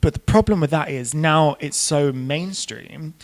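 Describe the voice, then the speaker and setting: A man's voice: fairly high pitch, unhurried. A man in a casual interview about doing drag who is camp and chatty and swears freely between ums and likes. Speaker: drag queen guest.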